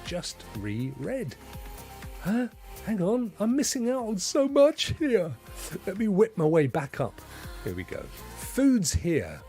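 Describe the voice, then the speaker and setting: A man's voice: high-pitched, wildly swooping pitch, slow, warm tone, faint music behind. An English man hosting a gaming live stream, chatting casually in an opinionated, chatty way with chuckling asides. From England.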